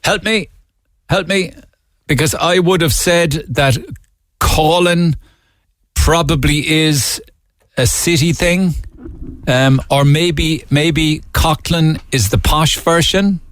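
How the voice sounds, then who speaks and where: A man's voice: on the high side, takes it slowly, fairly bright tone, dry recording. A middle-aged man with a Cork accent hosting a radio show, chatting casually with an amused manner and reading listener texts aloud. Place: radio studio. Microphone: studio microphone.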